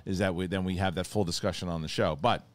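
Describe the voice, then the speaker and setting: A man hosting a podcast, chatting casually in a rambling, animated way with many restarts. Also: low-pitched, fast, dry recording. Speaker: podcast host. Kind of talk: casual chat.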